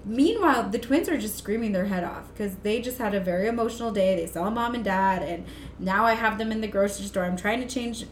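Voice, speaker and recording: A woman, probably in her thirties, telling a long personal story in a casual, animated way and laughing often. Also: medium pitch, brisk, a little hiss or hum. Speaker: guest.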